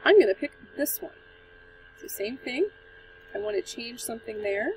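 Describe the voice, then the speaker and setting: A woman's voice: fairly high pitch, very animated, moderate pace, pauses often, a little mellow, distant mic, a little hiss or hum, rough recording. A woman teacher walking young students through a drawing app step by step, in a patient and encouraging way. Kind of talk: screen-recorded tutorial for children.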